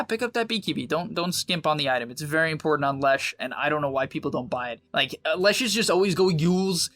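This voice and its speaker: A young man in a casual, confident gameplay guide, giving quick, emphatic advice with slang. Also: fairly high pitch, pushed and bright. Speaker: game guide presenter.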